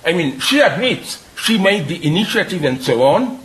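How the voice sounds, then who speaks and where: A man making an animated spoken argument, emphatic, with frequent apologetic asides, many hesitant pauses and laughs at his own points. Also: high-pitched, rough recording.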